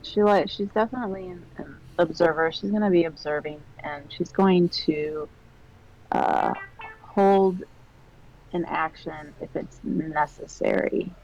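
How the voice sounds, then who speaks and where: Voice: medium pitch, a little slow, vocal fry, darkish tone, lo-fi sound, slight background noise. A player hesitantly describing a character's intentions in a tabletop game. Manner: hesitant, many fillers.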